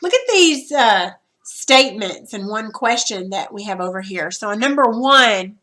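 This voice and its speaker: A woman's voice: medium pitch, lively intonation, a little slow, few pauses, sharp tone. Chatty woman teaching a grammar lesson. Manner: chatty, informal, talks straight to students; repeats and restarts while explaining. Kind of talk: recorded grammar lesson for students.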